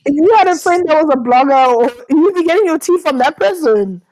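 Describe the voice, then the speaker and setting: Brief: woman co-host, casual reality TV recap, slangy and emphatic, slightly high voice. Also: expressive, a little fast, darkish tone. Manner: slangy, emphatic, repeats phrases for effect. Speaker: podcast co-host.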